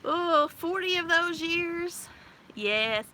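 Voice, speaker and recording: A woman in her forties chatting casually on her live stream outdoors, bubbly and quick to laugh. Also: extremely high pitch, lively intonation, sharp tone. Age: 40s. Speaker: livestream host. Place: outdoors by a pool on a windy day. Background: wind gusts.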